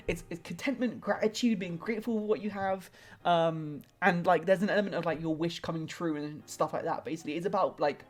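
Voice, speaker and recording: A woman streaming a live tarot reading, talking casually and affectionately to her viewers in a loose, rambling way, full of fillers and restarts. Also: on the low side. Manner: rambling, heavy use of "like" and restarts; warm and affectionate toward viewers.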